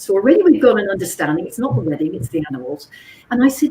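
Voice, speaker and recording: Woman trainer, mellow voice, lively coaching tone, roomy echo, faint noise. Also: mid-range voice, brisk, recorded from a distance. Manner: animated, checks in with listeners, acts out dialogues. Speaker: psychologist and communications trainer. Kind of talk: workshop talk.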